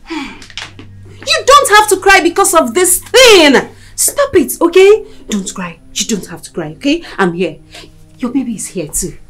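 A woman's voice: high voice, a bit bright, full character voice. An actress in a Nigerian film playing a caring young woman who comforts a friend emotionally, with a Nigerian accent. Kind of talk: Nollywood film acting. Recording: film score behind.

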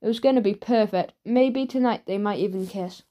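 Lively woman reading a children's book. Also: medium pitch, fairly quick, lo-fi sound. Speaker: audiobook narrator. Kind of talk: children's audiobook narration.

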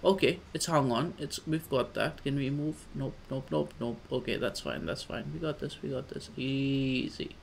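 Gravelly man coaxing through a game. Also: medium pitch, animated, moderate pace, hardly any pauses, a little hiss or hum. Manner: coaxing the character in repeated pleading phrases. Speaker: gamer. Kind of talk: casual let's play commentary.

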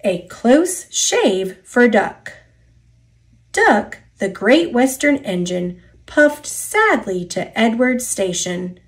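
A woman reading a children's picture book aloud, expressive and deliberate. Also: fairly high pitch. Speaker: storybook narrator.

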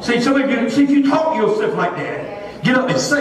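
A man preaching a sermon as pastor, an animated storyteller who laughs often as he talks. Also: very high voice, brisk, crowd noise. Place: church hall. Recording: echoey hall, distant mic, congregation audible.

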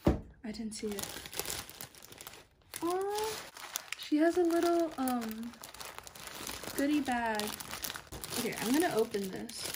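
Young woman, unboxing vlog, gushing, excitable, slightly high voice, noisy background. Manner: excitable, gushing, drops to whispers. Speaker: YouTuber.

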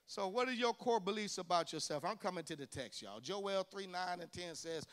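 A man's voice: high-pitched, animated, normal speed, hardly any pauses, fairly bright tone. A male pastor delivering a fervent sermon to a church congregation. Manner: fervent preaching, addressing the congregation directly. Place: church service.

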